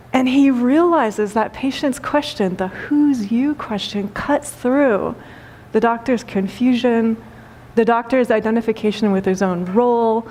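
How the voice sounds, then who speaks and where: Gently laughing woman spiritual teacher. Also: a little high. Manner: gentle, repetitive phrasing, frequent laughter. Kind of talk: spiritual talk with storytelling. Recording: long hall reverb.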